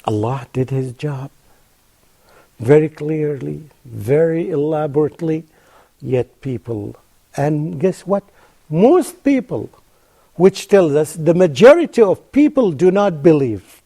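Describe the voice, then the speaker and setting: A man's voice: fairly high pitch, lively intonation, gravelly, mellow. Emphatic man giving a religious lesson. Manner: emphatic, repeats phrases for stress; slow careful recitation of Arabic terms. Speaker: TV presenter teaching Quran reflections. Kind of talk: religious lecture.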